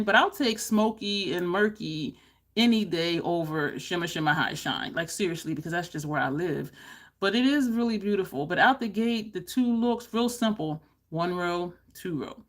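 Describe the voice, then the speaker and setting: A woman beauty vlogger chatting to camera, animated and laughing often, with high exclaimed reactions. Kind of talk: casual chat to camera.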